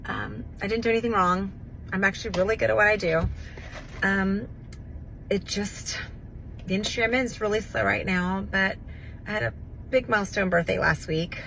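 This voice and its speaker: A fifty-year-old woman reflects slowly and haltingly on losing her job. Her voice sits in a middle pitch, with faint noise behind it. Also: a bit bright, poor audio. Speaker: laid-off worker. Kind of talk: casual vlog reflection.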